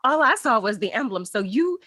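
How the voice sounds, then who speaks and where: A woman hosting a casual chat, telling an embarrassing story about herself with animated energy. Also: on the high side, a little fast, no echo, clean studio sound. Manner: animated, self-mocking storyteller. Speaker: host.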